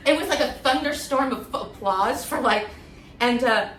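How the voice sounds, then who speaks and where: A woman guest telling her story in a candid, animated way, acting out voices with many fillers. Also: sits high, a little hiss or hum. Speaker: interview guest, former acting student. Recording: echoey room, voice from a distance.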